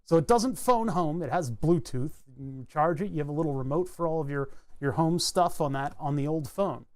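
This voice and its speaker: A man streaming live, thinking aloud in a halting, self-interrupting way as he works through a technical problem. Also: on the high side, darkish tone. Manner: muttering, halting, self-interrupting while debugging.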